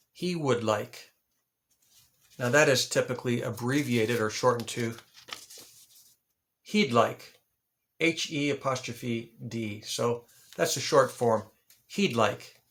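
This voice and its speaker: A man hosting an English lesson, slowly repeating example phrases and spelling words out. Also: mid-range voice, fairly bright tone. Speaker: ESL teacher and channel host. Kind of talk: slow, deliberate English lesson.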